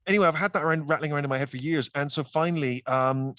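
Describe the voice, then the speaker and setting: A man's voice: on the high side, racing, fairly bright tone, dry recording, clean studio sound. Wry man with a West Country accent. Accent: West Country English. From West Country, England. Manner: wry storytelling, self-deprecating. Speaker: guest. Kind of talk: casual chat.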